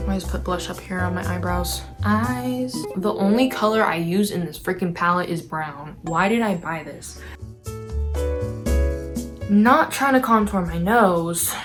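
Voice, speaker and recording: A young actress chatting casually to her camera at home, self-deprecating and bubbling over with excitement at times. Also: fairly low pitch, measured pace. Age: young adult. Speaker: actress and vlogger. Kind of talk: casual vlog chat to camera. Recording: music playing behind the voice.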